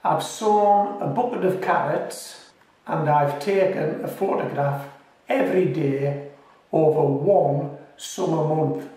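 A man's voice: fairly high pitch, slow pace, mellow. A man from the United Kingdom hosting a gardening channel, chatting casually and reassuringly, joking and laughing at himself, sometimes with his mouth full. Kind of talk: casual friendly how-to talk. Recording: very echoey, voice from a distance.

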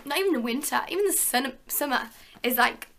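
A woman's voice: sits high, lively intonation, brisk, vocal fry, fairly bright tone, a little hiss or hum. A young woman from England chatting casually to viewers as a fitness vlogger, full of fillers and asides. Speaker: fitness vlogger, personal trainer. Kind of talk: casual show-and-tell vlog.

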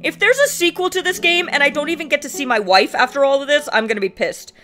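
A young woman playing through a story game, chatting excitably and reacting with little stammers. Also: high-pitched, fast talker. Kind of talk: casual let's-play commentary. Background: game music.

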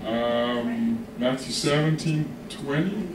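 A man preaching a sermon as pastor, animated and often asking the congregation if they are with him. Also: medium pitch, takes it slowly, background noise. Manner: animated, calls for congregation responses. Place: church hall. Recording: echoey hall from far off.

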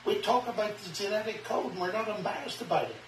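A man telling an anecdote as a guest in an interview, lively and acting out the dialogue. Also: fast talker, faint music behind. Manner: animated, acts out quoted dialogue with big pitch jumps. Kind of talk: storytelling in an interview. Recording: roomy, distant mic, faint background hiss.

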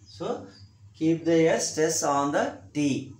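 A man's voice: fairly high pitch, animated, unhurried, a little mellow, echoey room, a little hiss or hum. A man with a Telugu accent giving a classroom grammar lesson, repeating himself and spelling words out letter by letter. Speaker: teacher.

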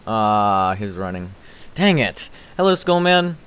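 Young guy game streamer, slow drawly talk, silly trash talk n sings random bits. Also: lowish voice, sing-song, fairly bright tone, clean tone. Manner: goofy, self-mocking, sings snatches and trash-talks. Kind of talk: casual gaming stream commentary.

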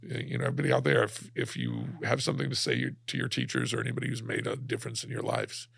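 Gravelly man telling a tearful story. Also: lowish voice, very animated, fairly bright tone, no echo. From Alabama, USA. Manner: halting, many restarts, close to tears. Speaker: guest, cartoonist. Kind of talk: emotional personal storytelling.

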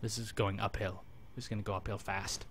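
A man casually commenting on his video game as he plays, rambling and joking, talking to his companion and breaking into sudden excited yelps. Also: on the low side, brisk, slight background noise. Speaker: gameplay commentator. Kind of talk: casual let's-play commentary.

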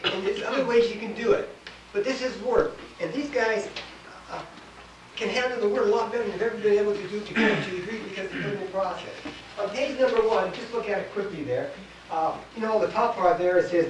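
Speaking fast in a high voice, an older Canadian-accented man leads a Bible class in a small church hall. He presses his points emphatically, says things more than once, and quizzes the group, captured on a distant mic in an echoey room with faint hiss.

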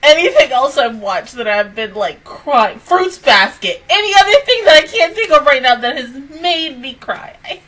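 A crying woman talks through her reaction to an episode in a high, bright voice. She laughs between words and exclaims often. It sounds like a casual solo chat at a desk mic. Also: big pitch swings, moderate pace, hardly any pauses, recorded from a distance, rough recording. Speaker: anime reaction video host.

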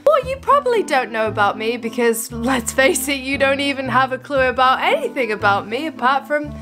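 Bubbly, high-voiced woman rambling. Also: sing-song, fairly quick, over music. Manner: rambling, self-mocking, playful. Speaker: vlogger and dog trainer. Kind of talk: casual chatty vlog. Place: at home with her dogs.

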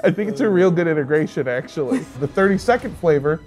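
A man playing a board game with friends, pitching a made-up product with brash, joking banter. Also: animated, fast talker, darkish tone, faint music behind. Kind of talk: casual improvised pitch in a game.

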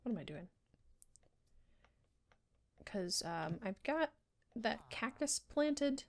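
Woman, casual gaming chat, fairly high pitch, giggly, trailing off. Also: big pitch swings, slow. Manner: chatty, giggly, trails off mid-sentence. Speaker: game player.

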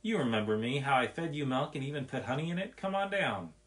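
A man's voice: medium pitch, expressive, fairly quick, fairly bright tone, lightly acted. A man voicing an earnest young boy who coaxes and pleads with his pet animals in a storybook reading. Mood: pleading.

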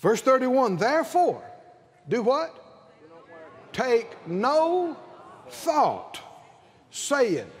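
An older man with a Southern accent preaching a sermon to a convention congregation, calling for responses and rising to shouts. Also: high voice, very animated, slow, pauses often. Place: large convention hall with congregation.

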